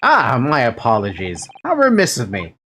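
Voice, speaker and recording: A streamer voicing a grandiose, boastful male detective while reading game dialogue aloud on stream, with pompous, booming declarations. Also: huge pitch swings, normal speed, fairly bright tone, slight background noise.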